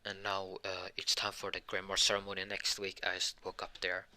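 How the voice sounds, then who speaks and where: Tired young male storyteller, low bright voice, rambling improvised fan story delivery. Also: monotone, brisk. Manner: rambling, hesitant, many restarts.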